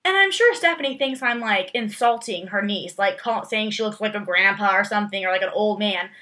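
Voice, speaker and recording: A woman's voice: mid-range voice, expressive, brisk, sharp tone. A young woman vlogging casually, rambling through tag questions with lots of fillers and playful, exaggerated emphasis.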